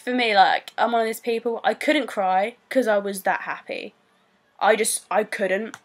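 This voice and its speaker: Young woman, British accent, vlogger, chatty, rambling, lots of fillers, medium pitch. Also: normal speed. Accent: British English. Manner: rambling, filler-heavy, excitable. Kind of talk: casual storytelling to camera.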